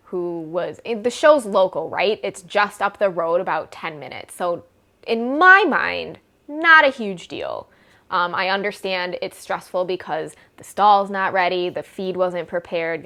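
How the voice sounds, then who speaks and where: A woman's voice: lowish voice, fairly bright tone. A young woman vlogging a casual storytime, rambling and exasperated, with wry sarcasm.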